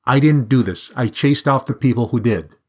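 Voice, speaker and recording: A man's voice: mid-range voice, normal speed, breathy edge, pitched above the performer's own voice, lightly acted. A man voicing a frightened young male student who pleads his innocence in a story reading. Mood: pleading. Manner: urgent, pleading.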